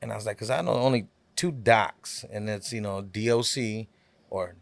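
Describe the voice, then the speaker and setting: Low-pitched and creaky, this man's voice moves at normal speed with no room sound at all. Appearing on a podcast, he spins a long, easygoing, rambling story thick with fillers and reenacted back-and-forth exchanges.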